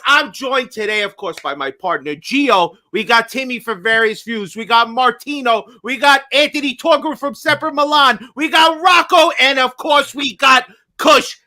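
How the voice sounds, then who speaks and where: Male podcast host, high and bright, cranked up and profane. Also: normal speed. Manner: loud, hyped and profane, ranting. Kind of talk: fired-up podcast talk.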